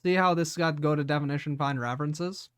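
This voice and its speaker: Chatty male streamer, higher voice. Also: fairly even intonation, fairly quick, clean tone. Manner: laughing, chatty, repeats words. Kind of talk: casual live-stream chat.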